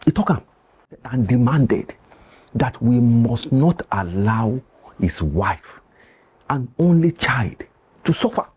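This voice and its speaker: An actor playing a grave, cautious male village elder with a Nigerian accent, who pleads slowly and speaks in proverbs. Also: mid-range voice, expressive, darkish tone, slightly rough, full character voice. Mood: solemn.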